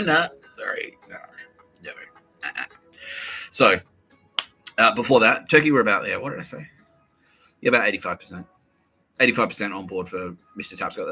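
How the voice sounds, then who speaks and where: Male podcast host, low and sharp-edged, swearing and rambling, music in the back. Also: normal speed, long pauses, poor audio. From Australia. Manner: crude and profane, swings between loud bursts and mumbles. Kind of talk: rambling comedic monologue.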